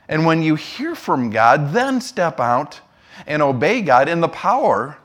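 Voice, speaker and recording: A man preaching a sermon, telling a story with lively back-and-forth dialogue and slowing for emphasis. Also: fairly high pitch. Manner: lively storytelling, acting out both sides of a remembered dialogue; slows and softens for emphasis. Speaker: pastor.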